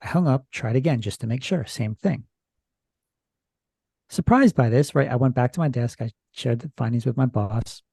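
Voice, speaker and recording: A man's voice: medium pitch, normal speed, gravelly, dark tone, husky, dry recording, clean studio sound. A man who is a podcast guest, retelling a strange experience from his notes in a rambling, hesitant, casual way. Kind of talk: casual storytelling chat.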